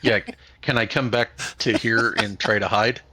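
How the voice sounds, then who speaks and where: A man playing a tabletop game, deliberate, working out his moves and sums aloud. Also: lowish voice, fairly even intonation, sharp tone, no room sound. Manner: slow, deliberate, adding up numbers aloud. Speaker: player. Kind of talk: casual tabletop play.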